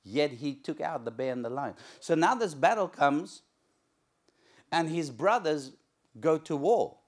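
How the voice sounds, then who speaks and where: Guy preaching in church, fairly high voice, animated storyteller. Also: a little slow. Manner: animated storytelling, acts out shouting crowds. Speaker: pastor. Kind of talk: sermon.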